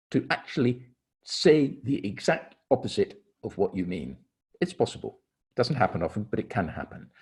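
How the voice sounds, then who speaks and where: Leading an online seminar on communication, a middle-aged man walks through each step with deliberate pauses and emphasis on key words. His voice is lowish, darkish and slightly rough.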